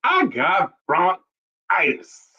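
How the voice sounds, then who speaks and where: A man doing an impression of an exasperated middle-aged woman from a viral clip, with a loud, emphatic, laughing drawl. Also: high-pitched, wildly swooping pitch, extremely slow, heavily acted. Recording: dull lo-fi audio.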